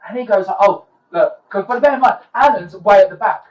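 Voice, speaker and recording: A high-voiced man hosts a podcast in casual chat, telling blunt, swearing stories. He sits back from the mic in an echoey room, and the sound is a little dull. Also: quick pace, distant mic, soft background music. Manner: chatty, swearing, storytelling. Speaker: podcast host. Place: comedy venue.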